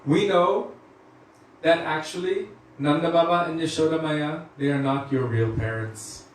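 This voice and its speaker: A man's voice: fairly high pitch, measured pace, slight background noise, natural voice. A man voicing a group of teasing cowherd boys in a devotional story, in a mocking tone. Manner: mocking, knowing. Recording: echoey room from far off.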